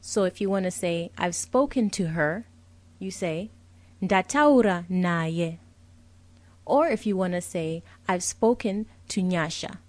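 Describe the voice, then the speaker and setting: A woman's voice: lowish voice, takes it slowly, dry recording. A young adult woman teaching vocabulary, saying each word carefully and repeating it with a translation. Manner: patient, clear, explains each word with a translation. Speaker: language teacher.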